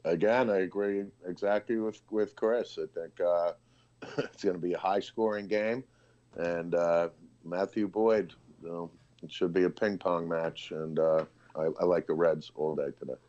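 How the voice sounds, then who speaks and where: A low-voiced man sits on a sports betting panel. He gives his picks in a casual, agreeable way. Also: fairly even intonation, moderate pace, a little mellow, dull audio.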